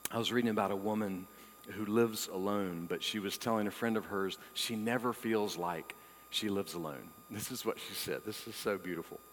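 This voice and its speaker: A man's voice: lowish voice, fairly even intonation, normal speed, slight background noise. Preaching man in a reverberant hall. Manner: dynamic preaching, swings from loud exclamations to hushed intimacy. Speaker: pastor. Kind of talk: sermon.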